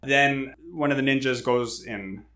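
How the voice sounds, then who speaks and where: A man's voice: medium pitch, measured pace, bright, forceful tone, echoey room. A man co-hosting a podcast, casually retelling a movie plot in a rambling, self-deprecating way. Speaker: podcast co-host summarizing the plot.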